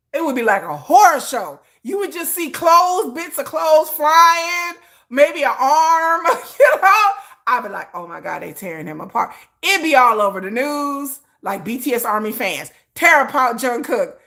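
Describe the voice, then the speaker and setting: A woman hosting a comedic commentary, telling a story with acted-out screams and frequent laughter. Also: high-pitched. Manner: animated storytelling, acts out shouts and screams, laughs often. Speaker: commentary host.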